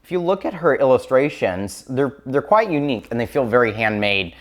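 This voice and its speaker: With big pitch swings and a fairly quick pace, a medium-pitched man reviews children's picture books on camera. He's chatty and enthusiastic, dropping in lots of ums and likes.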